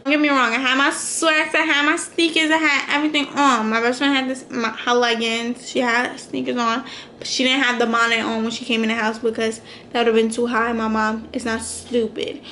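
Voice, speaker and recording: Young woman vlogger, high bright voice, animated storyteller, roomy echo with faint hum. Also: fairly quick. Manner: animated, slangy retelling with acted quotes. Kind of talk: storytime vlog.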